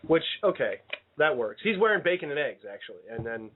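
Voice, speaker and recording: A man's voice: fairly high pitch, big pitch swings, brisk. A man hosting a casual radio show, rambling and playful, often cutting himself off mid-sentence. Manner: rambling, self-interrupting, playful. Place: radio studio. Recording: tinny phone-like sound.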